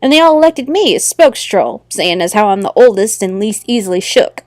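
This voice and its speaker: A woman voicing a tough older female troll who speaks calmly with a country drawl, in a game let's play. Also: medium pitch, fairly quick, no echo, clean studio sound, close to an everyday voice. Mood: steady. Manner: country drawl, calm and plainspoken.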